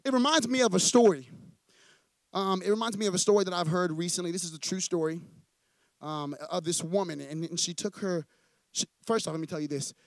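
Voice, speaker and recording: A man's voice: high-pitched, fairly quick, no echo. A young man preaching a sermon in church, telling stories casually and acting out the characters, often restarting and repeating words. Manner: casual and animated, acting out quoted characters in storytelling. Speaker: pastor.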